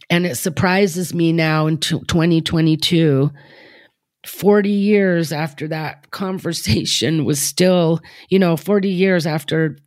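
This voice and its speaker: Thoughtful low-voiced woman in her fifties. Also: a little mellow, dry recording, studio quality. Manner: thoughtful, rambling with frequent fillers. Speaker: artist guest. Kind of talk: reflective interview talk.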